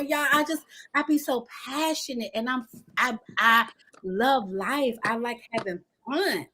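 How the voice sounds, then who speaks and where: Preaching self-acceptance to her livestream viewers, this motivational speaker is animated and excitable, her pitch leaping as she addresses them as "y'all." She takes an unhurried pace, and the sound comes through a phone or webcam.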